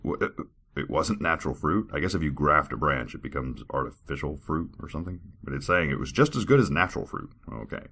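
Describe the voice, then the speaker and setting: A man's voice: very deep voice, very animated, a little fast, creaky, fairly bright tone, husky. A man hosting a podcast, reading scripture aloud and mocking it with sarcastic asides, stumbling over archaic words. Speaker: podcast host.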